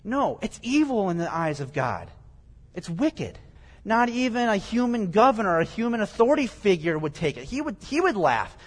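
Male preacher, slightly raised pitch, plain-spoken verse-by-verse teacher, reverberant hall sound. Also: sing-song, moderate pace, husky. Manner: explains scripture verse by verse in plain everyday words. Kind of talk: conversational Bible teaching. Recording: long reverb, echoey hall.

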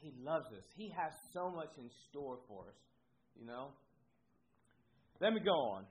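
A man's voice: mid-range voice, very animated, a little fast. A man from Ohio preaching a sermon with energy, repeating his phrases for emphasis. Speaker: pastor. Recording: dull lo-fi recording with faint noise.

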